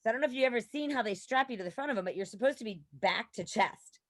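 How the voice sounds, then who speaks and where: A woman guest on a podcast, telling a story in a casual, animated way and laughing often. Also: a little high, very fast, no room sound.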